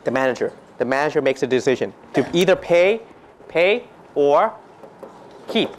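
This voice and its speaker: Guy teaching finance, fires questions at the class, a bit high voiced, jokey. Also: animated, moderate pace. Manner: questions students constantly, mixes Thai phrases, jokey. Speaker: finance lecturer. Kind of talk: classroom lecture.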